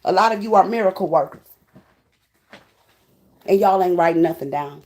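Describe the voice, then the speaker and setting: A woman's voice: lowish voice, moderate pace, darkish tone. A woman giving an emotional, preachy spiritual tarot reading, close to tears. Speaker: tarot reader.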